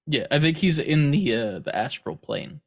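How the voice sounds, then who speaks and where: A man's voice: fairly high pitch, sing-song, normal speed. A man co-hosting a gaming podcast in casual chat, rambling through jokey stories. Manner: joking, rambling storyteller. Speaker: podcast co-host.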